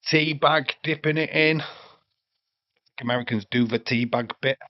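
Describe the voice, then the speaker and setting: This Englishman hosts a livestream watch-along with casual, chatty banter, reading out the chat and cursing freely. His mid-range voice stays steady and unhurried on a dry, lo-fi home mic without echo.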